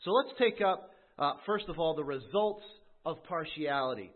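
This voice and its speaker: A man preaching a sermon, with emphatic rises and slow, stressed phrases. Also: fairly high pitch, animated. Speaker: pastor. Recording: tinny phone-like sound.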